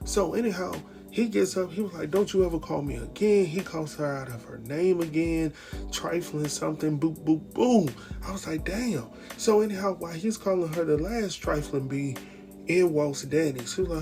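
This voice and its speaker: A man's voice: on the high side, moderate pace, vocal fry, dark tone, faint music behind. A man with recapping a TV episode in casual commentary, acting out the quotes and laughing often. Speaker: TV recap host.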